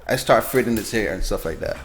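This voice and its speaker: A man's voice: on the low side, lively intonation, quick pace, slight background noise. A man with a Jamaican accent, a barber chatting casually as a podcast guest, laid-back and often repeating himself. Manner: laid-back, repeats himself, keeps saying "you know what I'm saying". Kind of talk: casual chat.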